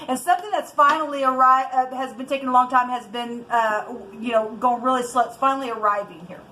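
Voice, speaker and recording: Woman tarot reader, high voice, angry and fired up, ranting indignantly at viewers. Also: fairly quick, sharp tone, a little hiss or hum, rough recording. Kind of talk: spiritual tarot reading to viewers.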